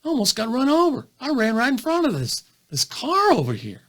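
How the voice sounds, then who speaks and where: A man doing a squeaky, panicky cartoon squirrel. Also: huge pitch swings, fairly quick, a bit bright, full character voice. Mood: excited. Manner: high, squeaky exclamations. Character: panicky talking squirrel, excitable and chattery.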